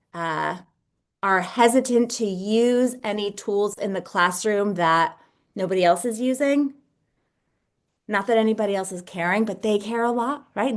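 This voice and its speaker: A woman in her thirties, a literacy consultant, explaining reading strategies in a chatty, explanatory teaching manner with fillers, over a video call. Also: medium pitch. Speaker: literacy consultant and dyslexia tutor. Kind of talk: webinar presentation. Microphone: video call mic.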